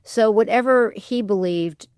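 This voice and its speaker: A woman's voice: medium pitch, unhurried, a little mellow, clean tone, no room sound. A woman historian answers interview questions in a thoughtful, candid way, weighing each opinion aloud and admitting what she doesn't know. Her voice sits mid-range for a woman and is captured close on a studio microphone with a dry, dead sound. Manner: thoughtful, candid, hedging with "I think". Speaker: historian and author as guest. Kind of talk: public radio interview. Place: radio studio.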